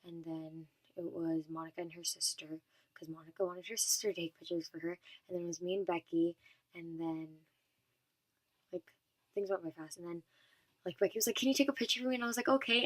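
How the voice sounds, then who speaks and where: A woman's voice: fairly low pitch, flat delivery, moderate pace, a bit bright. Rambling young woman vlogger. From California. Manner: rambling, many fillers and "and then". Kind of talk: casual storytelling vlog.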